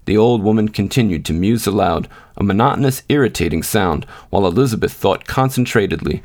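Low-voiced man narrating a story. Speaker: podcast host. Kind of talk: scripted narration.

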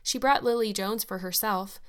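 Audiobook casting: a woman reading as a dreamy orphan girl of eleven, gushing and dramatic, pitched a little above the reader's own middle voice. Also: moderate pace, a bit bright, clear, resonant tone, lightly acted. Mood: eager.

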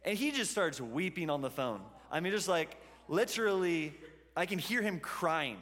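A man's voice: a little high, expressive, normal speed, fairly bright tone. A man preaching a sermon to a church congregation, telling stories in a conversational way. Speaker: pastor. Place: church hall. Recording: long hall reverb.

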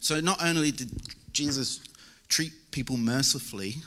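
A man's voice: medium pitch, moderate pace, sharp tone. A young man preaching a church sermon in a casual, joking way. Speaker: lay preacher. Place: church service.

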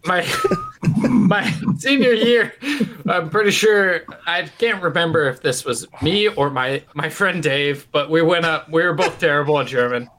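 A man's voice: fairly high pitch, unhurried, a bit bright, a little hiss or hum. A man co-hosting a podcast, telling a school memory in casual chat with a laid-back manner. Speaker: podcast co-host.

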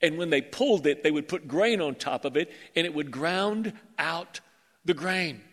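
A male pastor preaching a sermon, animated and joking with his congregation. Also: fairly high pitch, moderate pace. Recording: reverberant church hall.

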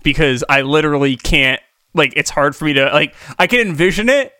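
A man's voice: fairly high pitch, expressive, brisk, pushed and bright, dry recording, clean studio sound. A man co-hosting a podcast in casual chat, often stammering and restarting his sentences. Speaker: podcast co-host.

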